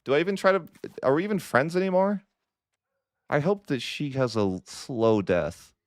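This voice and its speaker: Exasperated young man, crisp dry voice. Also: fairly high pitch, lively intonation, a little fast, dry recording. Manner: exasperated, whiny, sarcastic. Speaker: strategy game streamer. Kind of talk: frustrated gameplay commentary.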